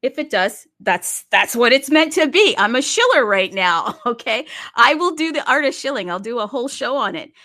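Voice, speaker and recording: A woman hosting a crypto livestream, talking in an energetic, chatty and openly salesy way as she promotes a wallet and marketplace. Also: on the high side, moderate pace, few pauses.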